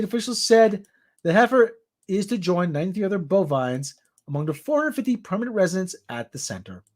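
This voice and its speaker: A man hosts a casual news roundup. His voice sits high and swings widely in pitch. He rambles and tosses in jokey asides. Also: a little mellow. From New York area. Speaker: show host.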